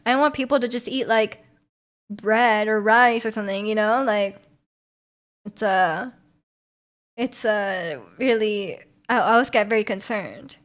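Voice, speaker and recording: A woman's voice: mid-range voice, a little slow, pauses often, fairly bright tone. A woman, from Vancouver, chatting casually with her stream viewers in a rambling, giggly way full of fillers. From Vancouver, Canada.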